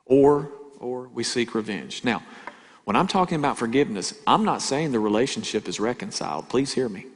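A man's voice: mid-range voice, expressive, normal speed, slightly rough. Man preaching in a reverberant hall. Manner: emphatic, repeats key lines, asks the crowd for agreement. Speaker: pastor. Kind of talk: sermon.

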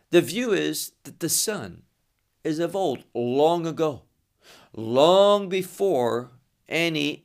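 A man teaching through scripture verse by verse, explaining each phrase in a measured way and pausing between short phrases. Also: fairly high pitch. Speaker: Bible teacher.

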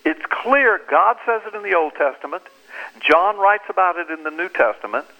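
A man's voice: high voice, animated, moderate pace, phone-quality sound. A man speaking as an author and pastor guest in an interview, explaining scripture in an earnest, emphatic, preacherly way. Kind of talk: animated interview talk.

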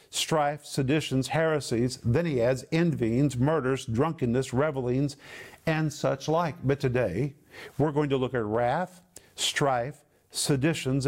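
A man teaching the Bible on a television program, explaining Greek words with slow, emphatic stresses. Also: medium pitch, a little mellow.

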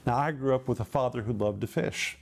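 A man preaching a sermon, who explains words closely and slows down to stress his points. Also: medium pitch, gravelly.

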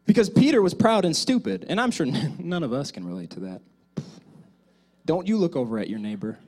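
A male pastor delivering a sermon, speaking directly to the congregation and swinging between loud exhortation and quiet asides. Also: a little high, very animated, brisk.

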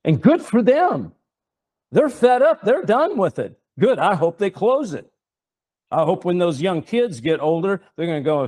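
Fervent preaching man, lively pitch. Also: moderate pace, slightly rough. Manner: fervent, rhetorical, repeats himself. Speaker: host and preacher. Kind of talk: impassioned preaching talk show.

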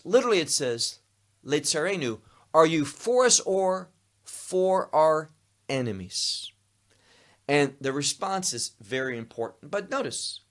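A man preaching a sermon, teaching slowly and emphatically through a scripture passage, repeating key words and phrases. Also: fairly high pitch, fairly bright tone. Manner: slow, emphatic teaching with Hebrew terms.

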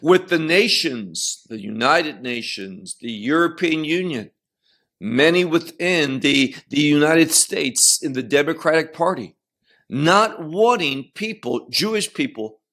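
A man's voice: on the high side, expressive, slow, fairly bright tone. A man teaching verse by verse through scripture, stressing key phrases and repeating them as he explains. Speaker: Bible teacher. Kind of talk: expository Bible teaching.

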